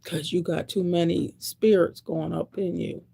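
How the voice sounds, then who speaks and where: A woman's voice: lowish voice, fairly even intonation, measured pace, vocal fry, dark tone, breathy edge. A woman in her sixties giving a blunt, preachy monologue to camera, repeating her points. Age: 60s. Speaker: vlogger.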